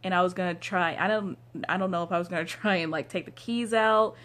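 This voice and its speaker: A woman's voice: lowish voice, fast talker, a bit bright. A young woman vlogger telling a casual story from home into her phone, rambling with lots of "like" fillers. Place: downstairs room at home.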